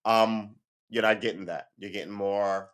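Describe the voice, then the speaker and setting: A man talking in a casual opinion monologue as host of a livestream, animated, often stumbling and restarting his words and acting out what other people say. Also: on the low side, unhurried. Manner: animated, acts out voices of others.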